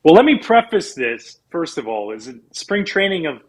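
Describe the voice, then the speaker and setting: Ex-pro athlete guest, 40s, husky, animated storyteller. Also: male voice, a little high, normal speed, poor audio. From Canada. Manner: animated storyteller, acts out quoted people. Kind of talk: casual storytelling interview.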